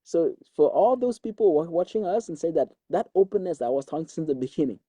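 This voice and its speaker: A man with a Quebec French accent, a native French speaker, tells his story as a guest with plenty of energy. His voice sits high and swings widely, yet the tone is dark and a little husky. The sound is dry and close. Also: quick pace, no room sound. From Quebec, Canada. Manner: energetic storytelling, repeats words as he goes. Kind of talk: animated interview talk.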